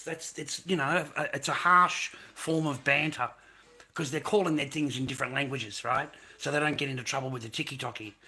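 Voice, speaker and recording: A man's voice: fairly high pitch, sharp tone. A man hosting a live stream, ranting heatedly in a profane and repetitive way to his viewers. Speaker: livestream host.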